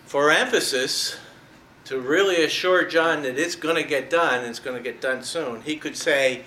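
In a room with echo and a little background noise, a man with a medium-pitched, sharp voice teaches the Bible informally at an ordinary pace. He talks conversationally, leans hard on key words, and laughs at his own jokes.

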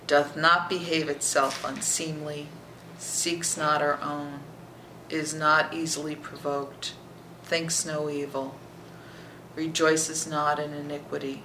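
Bible study teacher, gravelly voice, drops to near-whisper, roomy echo, steady background noise. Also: mid-range voice, slow. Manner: reads scripture aloud, then explains it verse by verse; checks in with listeners by asking "okay?".

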